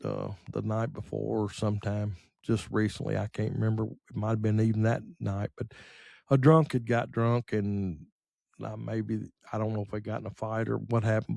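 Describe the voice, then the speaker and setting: A middle-aged man telling rambling, folksy stories on a podcast, full of pauses and fillers. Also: lowish voice, vocal fry, a little mellow, dry recording. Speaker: podcast host. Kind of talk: casual storytelling.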